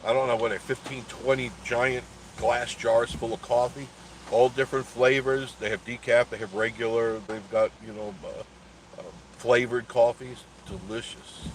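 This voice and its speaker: An older man talks casually on a live stream, rambling from one story to the next and laughing often. His voice sits at an ordinary middle pitch. A faint hiss of background noise runs under the recording. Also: level tone, normal speed. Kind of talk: casual live chat reading comments.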